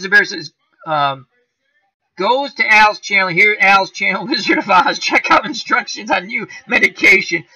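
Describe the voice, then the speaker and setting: Rambling high-voiced man host. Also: bright, forceful tone, no room sound, poor audio. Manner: rambling, chuckling, full of tangents. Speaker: channel host reading live chat. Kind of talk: casual live-stream chat.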